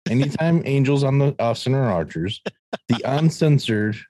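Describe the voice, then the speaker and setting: A man's voice: mid-range voice, animated, moderate pace, mellow, dry recording. A man on a podcast, chatting casually and teasing playfully. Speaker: podcast guest.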